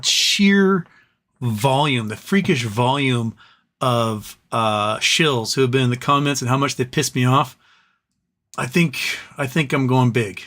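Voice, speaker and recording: A man's voice: medium pitch, fairly bright tone. Jokey man hosting a livestream. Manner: jokey, rambling, reads viewer messages aloud. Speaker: livestream host reading super chats. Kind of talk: casual livestream chat.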